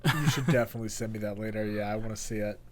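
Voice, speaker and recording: A young man co-hosting a casual podcast chat, excitable and rambling, often restarting his sentences. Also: on the low side, racing, a little hiss or hum. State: hiccups. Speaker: podcast co-host.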